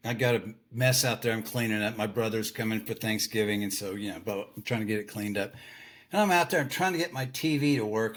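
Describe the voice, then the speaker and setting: A man's voice: fairly low pitch, a bit bright. A man in his sixties, a podcast guest, talking candidly and reflectively in casual conversation, with a loose storytelling way of speaking.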